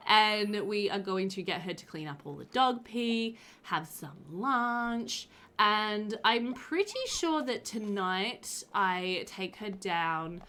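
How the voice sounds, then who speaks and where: A gaming video creator records a voiceover after her gameplay, chatting and rambling in a bubbly way. Her mid-range voice is animated and sharp, and she speaks slowly.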